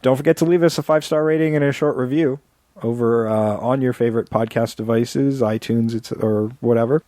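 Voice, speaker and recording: A man co-hosting a podcast in relaxed, casual chat, laughing often and reading out show plugs. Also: medium pitch, brisk, no echo. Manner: easygoing, laughs often, fillers and restarts. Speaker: podcast co-host.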